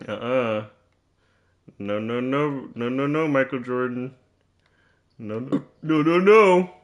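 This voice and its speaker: A man's voice: medium pitch, takes it slowly. A man commentating his own basketball video game, teasing and trash-talking in a mock-serious way and often repeating himself.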